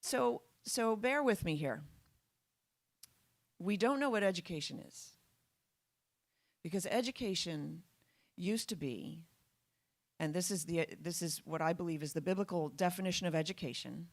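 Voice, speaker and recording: A woman's voice: lowish voice, normal speed, pauses often, no room sound. A woman giving a public talk to an audience, emphatic and full of rhetorical questions. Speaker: guest speaker.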